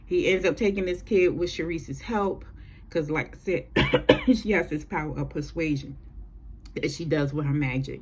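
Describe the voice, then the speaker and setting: A woman's voice: sits low, normal speed, breathy edge. A woman giving a casual, chatty TV episode recap, with profane, sassy asides. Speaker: TV recap vlogger.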